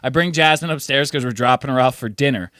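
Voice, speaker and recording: A man's voice: medium pitch, fast, fairly bright tone, dry recording, studio quality. A young man casually telling a story on a podcast, swearing freely and acting out what people said. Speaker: podcast co-host. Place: New York City apartment.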